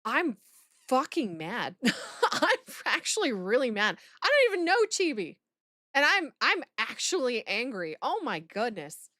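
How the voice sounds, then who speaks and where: Animated high-voiced woman streamer. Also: measured pace, no echo, clean studio sound. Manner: animated, swearing, exclaiming, talks to chat. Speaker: streamer reacting to videos. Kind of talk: live reaction stream.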